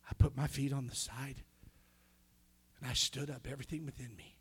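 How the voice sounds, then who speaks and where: A middle-aged male pastor telling a personal story in a sermon, swinging between hushed near-whispers and loud emotional peaks. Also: mid-range voice, steady tone, moderate pace, pauses often, slightly rough.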